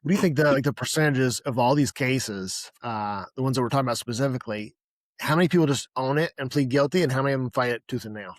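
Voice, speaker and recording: A man's voice: mid-range voice, fast talker, dry recording. Earnest male podcast host, dry sound. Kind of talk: casual interview questions.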